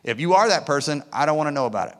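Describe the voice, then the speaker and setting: A male pastor preaches with a slightly high voice, rising to loud emphatic peaks and dropping to hushed asides. The long reverb of a large church hall trails after his words. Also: lively intonation, rapid-fire. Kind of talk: sermon. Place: church auditorium.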